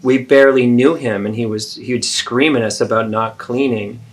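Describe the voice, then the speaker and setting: A man's voice: medium pitch, fairly even intonation, moderate pace, close to an everyday voice. A man playing an adult daughter who earnestly and persistently confronts her mother in a therapeutic role-play.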